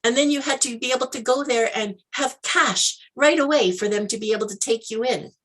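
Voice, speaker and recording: Woman telling a lively story. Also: a little high, fairly quick. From Canada. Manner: animated storyteller, acts out dialogue, laughs often. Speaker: interview guest. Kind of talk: personal storytelling.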